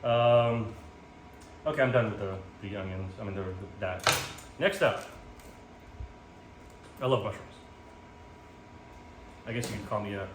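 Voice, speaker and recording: A man's voice: fairly low pitch, measured pace, pauses often. A man chatting casually while cooking at home, rambling with lots of ums and self-mocking jokes, filmed on a phone. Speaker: home cook vlogger. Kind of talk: casual cooking vlog chat. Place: home kitchen. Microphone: phone camera in portrait mode. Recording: echoey room with background noise.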